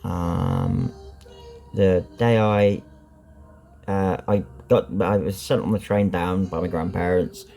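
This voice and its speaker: A man's voice: sits low, expressive, slow pace, gravelly, warm tone. A man vlogging candidly about his life, talking bluntly and rambling with lots of ums and you-knows. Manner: blunt and frank, swears. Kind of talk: candid personal vlog.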